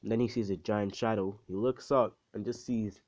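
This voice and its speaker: Low-voiced man rambling through a story. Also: steady tone, moderate pace, a little mellow. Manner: rambling, swears often, many fillers. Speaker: storyteller retelling a fan story. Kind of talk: casual storytelling. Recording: dull, dry lo-fi recording.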